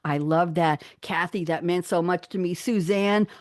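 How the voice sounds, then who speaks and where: Woman, lower voice, dry close sound, chatty guest, upbeat, laughs a lot, reads poems aloud. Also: steady tone, moderate pace, dry recording. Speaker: guest poet. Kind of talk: conversational interview, reading own poems aloud.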